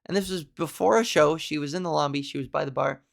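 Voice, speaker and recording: A woman comedian hosts a podcast, telling a story casually and quickly with vocal fry. Her pitch swings widely and animatedly as she chats.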